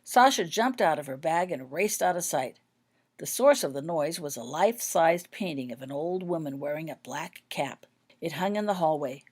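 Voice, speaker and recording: A woman narrating her own fan fiction story in an even, expressive read-aloud manner. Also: deep voice.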